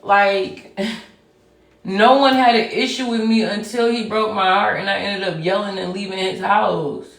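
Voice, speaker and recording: Woman, vocal fry, casual livestream rant, rambling and emotional, roomy sound from far off the mic. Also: mid-range voice, steady tone, measured pace. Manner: rambling and emotional, rising to loud outbursts.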